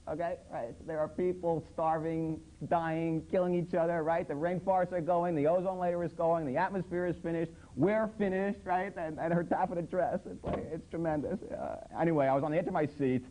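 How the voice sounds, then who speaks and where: Sarcastic male comedy host, mellow tone, incredulous monologue on advertising. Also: fairly high pitch, a little fast, rough recording. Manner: sarcastic, incredulous, quoting ads in mock voices. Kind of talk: satirical monologue on commercials. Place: public access TV studio under hot lights.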